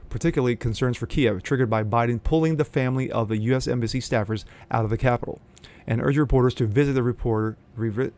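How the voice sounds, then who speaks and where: A man with a rough, gravelly voice hosts his own commentary vlog. He reads the news aloud, then shifts into blunt, sneering opinion full of profanity. His pitch sits in an ordinary middle range for a man. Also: a little mellow. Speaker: host of a political commentary channel.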